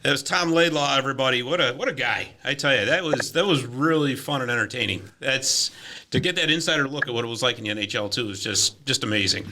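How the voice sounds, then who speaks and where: A man hosting a podcast in a casual, enthusiastic way, warmly thanking his guest. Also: mid-range voice, fast, noisy background. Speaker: podcast host.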